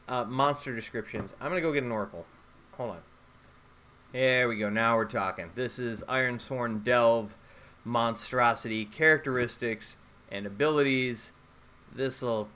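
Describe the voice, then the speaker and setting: A man's voice: mid-range voice, sharp tone. Joking man rambling through a solo game. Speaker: solo tabletop game player. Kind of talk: casual solo play commentary.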